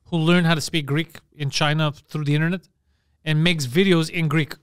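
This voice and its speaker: A man hosting a comedy podcast, brash and quick to roast his friends with crude jabs. His voice sits high and sounds smooth and resonant. It comes across dry, as in a small podcast studio. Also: steady tone, no room sound. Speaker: podcast host. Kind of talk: casual comedy podcast banter.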